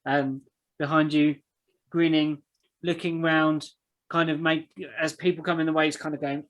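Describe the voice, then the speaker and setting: A game master describing scenes casually, rambling through halting descriptions with many fillers. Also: mid-range voice, flat delivery, poor audio. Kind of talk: casual tabletop game narration.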